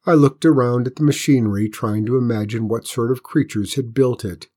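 A man reading a storybook aloud as its narrator, in a lively and expressive way. His voice is warm and mellow, with a slight huskiness to it. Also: mid-range voice, fairly quick.

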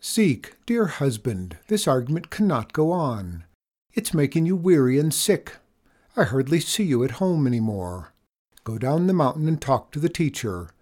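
A man's voice: a little high, big pitch swings, normal speed, a little mellow, pitched above the performer's own voice. A man voicing an anxious, tender farmer's wife in a raised, worried voice, in a storybook reading.

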